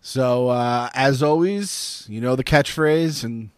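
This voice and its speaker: A man hosting a casual podcast chat, loose and profane, with quick joking asides. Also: mid-range voice, smooth, no room sound, studio quality. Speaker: podcast host.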